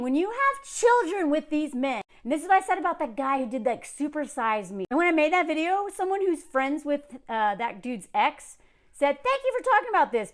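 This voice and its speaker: A woman in her thirties rants in a casual commentary vlog, her high voice full of sarcasm. She rambles, restarts, and leans on fillers as she talks. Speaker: commentary creator.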